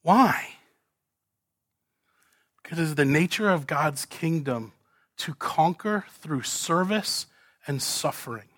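A man preaching an expository sermon, asking rhetorical questions and swinging between loud emphasis and hushed lines. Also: fairly high pitch, dry recording, clean studio sound. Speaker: pastor.

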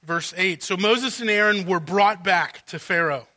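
A man preaching a sermon from the pulpit, his voice sitting high and cutting with a sharp, bright edge. He works through a passage verse by verse and breaks into dramatized paraphrases of the characters to make his point. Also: measured pace. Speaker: pastor.

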